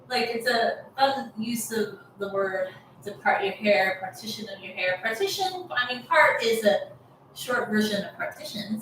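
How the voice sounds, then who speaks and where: Californian woman rambling about her hair, lots of "like", bright voice, really echoey room, mic kinda far. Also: medium pitch, a little hiss or hum. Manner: rambling, frank, peppered with "like". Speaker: long hair vlogger. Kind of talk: casual talking-head vlog.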